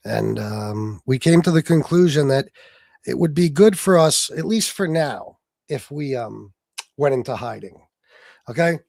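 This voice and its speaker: A man's voice: mid-range voice, vocal fry, darkish tone, no echo. A man hosting a casual livestream, brash and boastful, swearing freely and answering comments from his viewers. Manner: chats with viewers in the stream chat. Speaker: livestream host.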